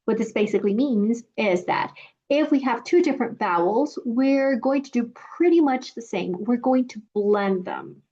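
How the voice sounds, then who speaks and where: A woman teaching a scripted language lesson, speaking slowly and carefully when she demonstrates phrases. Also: on the high side, lively intonation, mellow, lo-fi sound. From Mexico. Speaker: Spanish teacher.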